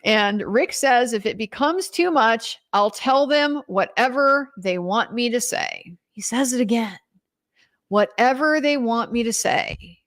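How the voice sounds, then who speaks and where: A woman's voice: a little high, animated, unhurried. A young woman commenting on a trial in a casual recap, incredulous and emphatic, reading out quotes as she goes. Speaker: legal commentator.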